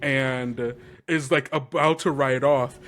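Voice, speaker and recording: A man, a game master guest, retelling a tabletop campaign session in a lively, rambling way, often laughing and filling gaps with "like.". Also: medium pitch, slow, a little hiss or hum. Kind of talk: animated storytelling recap.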